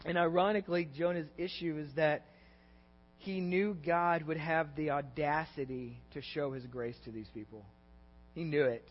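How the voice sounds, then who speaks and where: A pastor preaching a conversational sermon, acting out scripture quotes with feeling. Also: male voice, high-pitched, moderate pace, long reverb tail, highs cut off. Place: church sanctuary.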